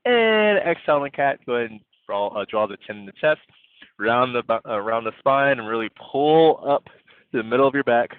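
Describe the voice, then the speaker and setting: A man's voice: mid-range voice, animated, a little fast, smooth, no room sound. Male yoga instructor, playful breath cues, tinny phone-like sound, dry. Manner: gentle cueing of breath and poses, playful. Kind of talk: guiding an online yoga class.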